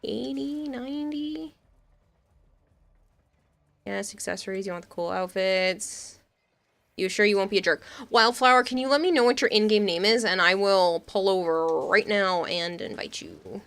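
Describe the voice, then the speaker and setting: Woman, game streamer, bright clear tone, casual rambling chat, frequent laughs. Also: mid-range voice, moderate pace. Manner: chatty, rambling, laughs often while reading chat.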